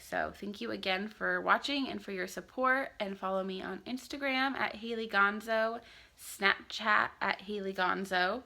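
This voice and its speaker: Gravelly bright-voiced young woman vlogger. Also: mid-range voice. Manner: chatty, with many filler "um"s. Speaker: parenting vlogger. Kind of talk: vlog sign-off to viewers.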